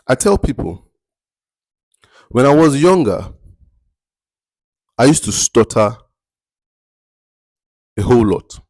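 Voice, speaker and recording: A man with a Nigerian accent hosting a faith-based motivational podcast, speaking slowly and deliberately and repeating words for emphasis. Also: medium pitch, sing-song, darkish tone, no echo, clean studio sound. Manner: slow, deliberate, picks words carefully with emphatic repetition. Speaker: podcast host.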